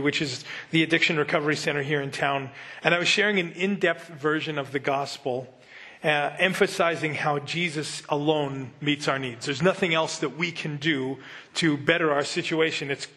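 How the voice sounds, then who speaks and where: Guy preaching a bible study, kinda high voice, chatty, does little voices for quotes. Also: steady tone, moderate pace, bright, forceful tone. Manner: conversational, acts out quotes in character voices. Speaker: pastor. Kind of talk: sermon teaching.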